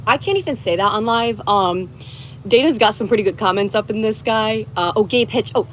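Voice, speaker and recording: A young American woman goes live from her phone in wooded mountains, rambling bubbly replies to her viewers' comments. She talks briskly in a mid-range voice, with slight background noise.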